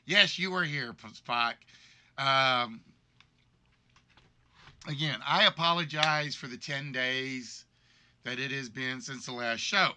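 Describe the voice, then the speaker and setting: Speaking slowly and pausing often, this game show livestream host has a medium-pitched voice that is pushed, bright, clear, and resonant. A cold has left it weakened and congested, and he rambles casually through an apologetic tale of being sick.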